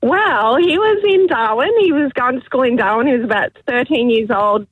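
A woman calls in to a radio phone-in and tells a story with easy, chatty energy. Her voice is a touch husky and slightly high. The sound is dry. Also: normal speed, no echo, phone-quality sound. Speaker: caller. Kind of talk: telling an anecdote on a phone-in.

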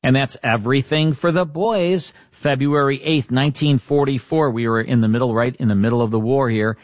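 Relaxed older radio host, man. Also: medium pitch, a little fast, no echo, clean studio sound. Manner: relaxed, conversational. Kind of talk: casual radio hosting.

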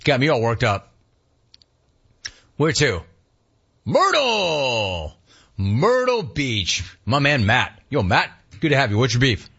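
A man in his fifties hosting a call-in talk radio show, ranting with animated energy and mocking voices. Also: slow pace, long pauses, slightly rough, dull audio. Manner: animated ranting, mocks cheerful clerks in a high voice. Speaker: radio talk show host taking calls.

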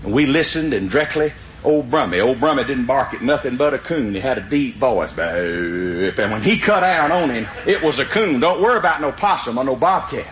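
A man's voice: medium pitch, moderate pace, few pauses, slight background noise. An older man with a drawl, telling a folksy story to an audience and laughing as he goes. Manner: drawling, animated, laughing through the tale. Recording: dull lo-fi recording in a roomy hall.

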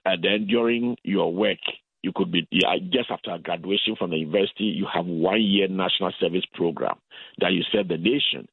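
A man from Ghana talks through his points slowly and carefully, often going back over his own words. His voice sits low and a little husky. It comes through a thin, phone-like line with no room sound. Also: dry recording. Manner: measured, explanatory, repeats words. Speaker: guest.

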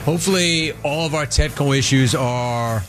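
A man's voice: on the high side, normal speed, soft background music. A man hosting a show, telling a casual story and acting out both sides of each conversation. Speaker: host.

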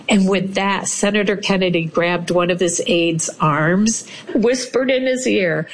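A woman telling a personal story in a lively way, acting out the voices of the people she quotes. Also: medium pitch, measured pace. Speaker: storyteller recounting her experience.

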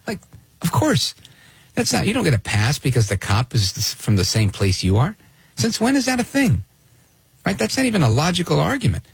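A man's voice: on the high side, huge pitch swings, normal speed, creaky, breathy edge, dry recording. A man hosting a talk radio show, delivering an opinionated, sardonic monologue and reacting to clips he plays.

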